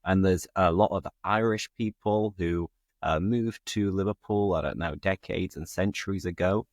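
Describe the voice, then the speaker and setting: A man's voice: low-pitched, normal speed, no room sound, studio quality. A British man hosting a casual chat, talking freely with frequent fillers. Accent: British English. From England. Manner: chatty, fillers like "like". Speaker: host, English teacher.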